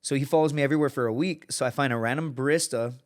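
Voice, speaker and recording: A man in his thirties tells a long, loose story as a podcast guest. He swears freely, and his voice sits at an ordinary middle pitch. He slips into little voices for the people in his tale. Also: very fast. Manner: profane, lively anecdote-telling, acts out quoted people. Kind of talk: casual storytelling.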